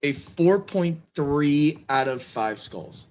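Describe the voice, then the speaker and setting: Rambly, lively-voiced male podcast guest, high and swinging. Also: takes it slowly. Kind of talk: casual podcast chat.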